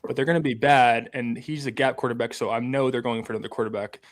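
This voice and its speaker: A man's voice: mid-range voice, steady tone, fast. A man co-hosting a sports podcast, easygoing in casual chat. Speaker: podcast co-host.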